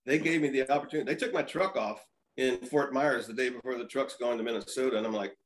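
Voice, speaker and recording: Guy in his 50s spinning old ballpark yarns, acts out the quotes, normal pitch. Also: fast, slight background noise. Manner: animated, acts out quoted lines in his stories. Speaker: podcast guest, former pitcher. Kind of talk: casual storytelling.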